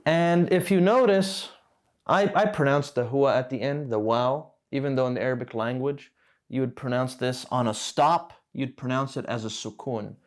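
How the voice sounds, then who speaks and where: Man, teacher, patient, repeats words slowly, mid-pitched voice, whiteboard lesson. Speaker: Arabic teacher.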